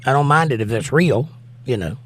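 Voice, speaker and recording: A man's voice: medium pitch, animated, a little fast, slightly rough. Tired, laid-back middle-aged man streaming. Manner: laid-back, wry, reads comments out and answers them. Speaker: livestream host. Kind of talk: casual live-stream chat, reading viewer comments aloud.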